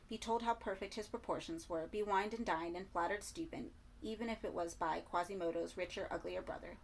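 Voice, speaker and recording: A woman narrating a horror story in a measured reading voice, sometimes dropping to soft asides. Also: mid-range voice, a little hiss or hum. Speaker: audiobook reader.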